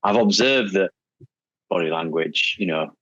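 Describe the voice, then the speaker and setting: A man's voice: low-pitched, unhurried, fairly bright tone, breathy edge, dry recording, lo-fi sound. A man co-hosting a casual coaching discussion. He thinks aloud reflectively and often checks for agreement with tag questions. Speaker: agile coach, podcast co-host.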